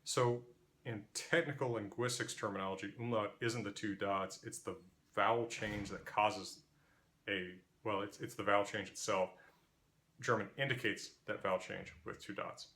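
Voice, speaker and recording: A man's voice: lowish voice, steady tone, moderate pace, fairly bright tone. A man with an Interior West American accent teaching linguistics, explaining patiently and demonstrating vowel sounds aloud. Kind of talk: explanatory lecture.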